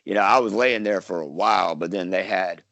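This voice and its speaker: Low-voiced man rambling through an interview. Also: a little fast, fairly bright tone, dry recording, lo-fi sound. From South Carolina, US. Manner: rambling, many fillers and restarts. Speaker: actor, podcast guest. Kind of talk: casual interview chat.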